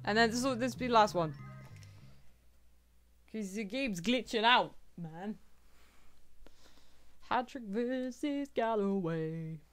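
A woman's voice: mid-range voice, lively intonation, slow, pauses often, soft background music. Chatty young woman swearing through gameplay. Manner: chatty, swears, laughs at the game. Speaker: gameplay streamer. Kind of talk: casual let's-play commentary.

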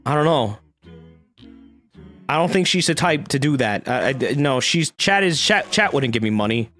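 Animated, joking game streamer. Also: medium pitch, normal speed, soft background music. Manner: lively, joking, reads game dialogue aloud, swears freely. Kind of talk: casual let's-play commentary.

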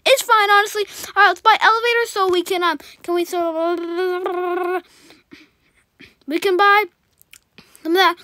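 A woman giving rapid, rambling, excitable commentary while playing a video game. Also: very high voice, no echo. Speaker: gaming channel host. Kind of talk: gameplay commentary.

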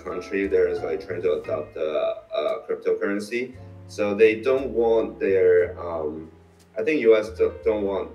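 Man, very low voice, hesitant with many fillers, distant mic, echoey room, faint music behind. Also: darkish tone. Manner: halting, full of fillers and restarts. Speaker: interview guest, crypto YouTuber. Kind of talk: casual interview chat. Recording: roomy echo, mic set far off.

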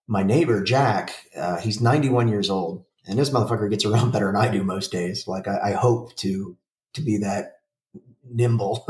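A man's voice: fairly low pitch, echoey room, recorded from a distance. A man in his forties telling a rambling, profane story in a casual podcast chat. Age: 40s. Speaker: podcast co-host.

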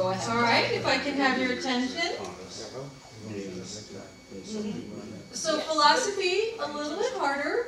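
A woman leading a workshop, telling stories with frequent laughs and asking the group to discuss. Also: a little high. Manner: chatty, laughing, anecdotal. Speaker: workshop leader. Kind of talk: casual group workshop talk. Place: meeting room with a group. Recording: very echoey room, far from mic, faint background hiss.

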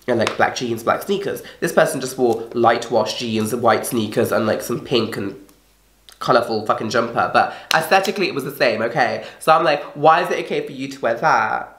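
A young woman ranting casually to camera, exasperated and swearing often, her voice rough from being ill. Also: rumbling low. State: sounding ill. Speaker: vlogger. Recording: echoey room.

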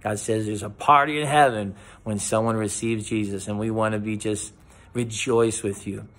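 A man, a pastor, gives a conversational devotional with frequent restarts and a gentle, softening delivery. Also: lowish voice, steady tone, normal speed. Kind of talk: casual spoken devotional.

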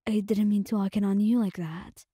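A woman's voice: medium pitch, steady tone, brisk, mellow, breathy edge, no echo, studio quality, lightly acted. A woman voicing a shy, flustered young male swordsman who stammers apologies, in a whispered role-play.

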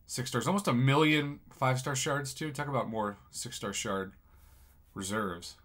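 A man commentating on someone else's game crystal openings, excitable and jokey, with sudden loud bursts of surprise. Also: mid-range voice, normal speed. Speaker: gaming commentator.

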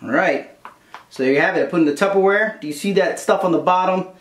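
A man's voice: sits high, fast, faint music behind. A man talking to the camera in a casual food-challenge vlog, blunt and swearing freely. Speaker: vlogger. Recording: echoey room.

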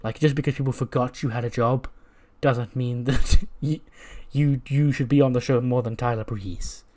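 A man's voice: mid-range voice, steady tone, moderate pace, darkish tone, close to an everyday voice. A man doing a whiny, indignant male wrestler. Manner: complaining, indignant.

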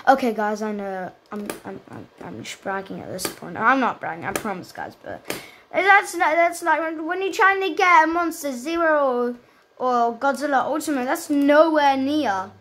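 Woman gamer host, high voice, excitable and chatty running commentary. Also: normal speed, a little hiss or hum, rough recording. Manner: excitable, chatty, talks to viewers. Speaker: gaming channel host. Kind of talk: casual gameplay commentary.

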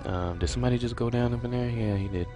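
A man's voice: medium pitch, fast, loud music behind the voice. A man giving profane, frustrated let's play commentary while playing a game. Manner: profane, ranting, loudly frustrated.

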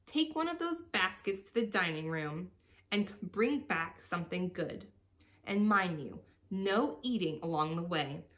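A woman voicing a sharp-tongued, bossy female rat who hisses her scorn, slow and deliberate. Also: on the low side. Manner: hissing, bossy.

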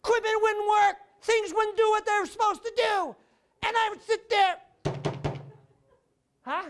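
A man preaching a sermon, animated, shouting out repeated phrases and prodding the congregation with "huh?". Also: very high voice, a little slow.

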